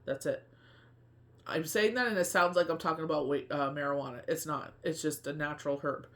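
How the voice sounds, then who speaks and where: A man with a somewhat high voice talks in a loose, confiding monologue, as a tarot reader and medium sharing his own thoughts. His speech wanders, circles back and leans on fillers and restarts. He sounds earnest throughout. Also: fairly quick, a bit bright. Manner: rambling, heavy with fillers and restarts. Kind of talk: casual personal monologue.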